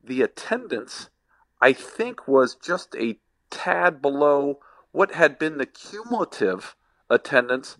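A middle-aged former ballplayer, now a sports agent, answering podcast questions in a halting, reflective way with many restarts. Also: male voice, a little high, sing-song, fairly bright tone.

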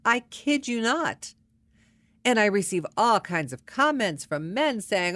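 A woman's voice: mid-range voice, big pitch swings, moderate pace, fairly bright tone, dry recording. A woman telling a personal story in a casual, wry and exasperated way.

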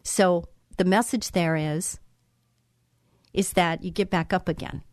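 A woman's voice: on the low side, fairly even intonation, unhurried, no echo, studio quality. A middle-aged woman hosting a show, giving an earnest, emphatic motivational monologue that repeats phrases for effect. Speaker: host.

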